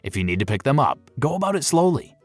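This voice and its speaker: A man's voice: medium pitch, sing-song, fast, faint music behind. A man giving scripted narration for a pet-care video, playful and fond of jokey asides.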